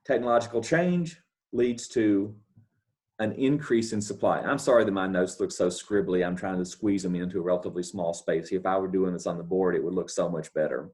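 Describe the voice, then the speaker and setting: A man delivers a recorded lecture in a fairly low voice. He walks through each step patiently, repeating key points and pausing to ask if it makes sense. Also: steady tone, a little mellow. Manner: explains step by step, repeats key points, asks checking questions. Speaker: economics lecturer. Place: talking over scribbled notes, not at a board.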